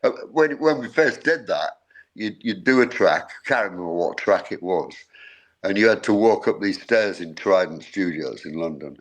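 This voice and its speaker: A man's voice: sits low, expressive, normal speed, poor audio. Older man telling studio stories. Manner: rambling anecdotes with repeated words and frequent laughs. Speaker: musician guest. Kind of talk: casual interview storytelling.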